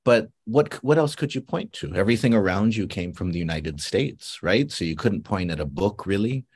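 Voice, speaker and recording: Low male host from Guam, rambling and reflective, video call chat. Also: animated, moderate pace, darkish tone, slightly rough. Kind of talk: casual panel chat.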